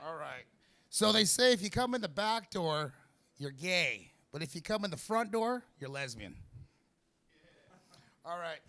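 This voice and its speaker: A man's voice: sits high, very animated, pushed and bright. A nervous man doing amateur stand-up, telling rambling jokes with lots of fillers and restarts. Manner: rambling, halting delivery with many fillers and restarts. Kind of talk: stand-up comedy set. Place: small comedy venue in a vape shop.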